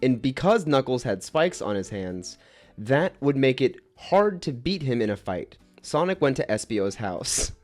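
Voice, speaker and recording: A man reads his goofy fan story aloud with a lively, bouncing voice, giggling and tripping over his words. Faint music plays underneath. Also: mid-range voice, unhurried. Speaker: narrator and creator. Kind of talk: comic reading of a fan story.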